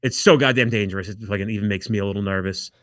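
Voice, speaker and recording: A man's voice: lowish voice, racing, no echo, clean studio sound. A man on a podcast telling wild stories casually, swearing a lot and acting out what others said. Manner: profane, animated storyteller acting out quotes. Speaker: podcast guest. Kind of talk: casual storytelling.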